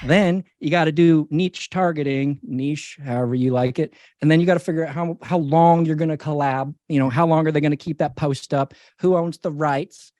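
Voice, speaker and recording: A man imitates a by-the-book male marketer who speaks in a slow, put-on Southern US drawl and walks through every step of a checklist. The voice swings around with mock emphasis and sounds close and dry. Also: fairly high pitch, steady tone, darkish tone, dry recording, close to an everyday voice. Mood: lecturing. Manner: slow, listing steps.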